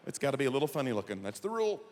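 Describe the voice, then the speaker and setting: A man's voice: mid-range voice, rapid-fire, long reverb tail. A man in his forties doing stand-up comedy, acting out quoted voices as he talks. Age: 40s. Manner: animated, acts out quoted voices.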